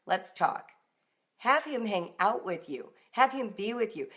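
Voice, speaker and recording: A middle-aged homeschooling author hosts a live-streamed talk for parents in a mid-range voice at a measured pace. She's animated, occasionally acting out emotional outbursts by raising her voice.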